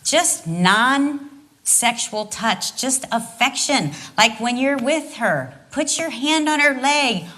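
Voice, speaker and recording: Lively bright-voiced woman telling stories. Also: sits high, slow pace. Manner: animated storyteller, candid and expressive. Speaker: marriage speaker at church. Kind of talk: conversational church teaching.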